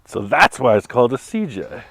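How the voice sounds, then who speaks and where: A man's voice: mid-range voice, big pitch swings, brisk, creaky, fairly bright tone, slightly rough, dry recording. A man, a car builder hosting a restoration video, bantering casually with dry teasing jokes.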